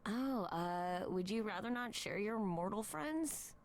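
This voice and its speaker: An actress voicing a breezy, upbeat young god of messengers in a video game, talking casually with nervous fillers. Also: female voice, medium pitch, animated, slow.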